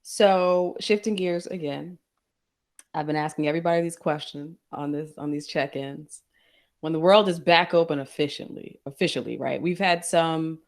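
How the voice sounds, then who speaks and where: A woman hosting a podcast, asking questions in a casual, encouraging, conversational way. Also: low voice. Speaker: podcast host. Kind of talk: casual interview.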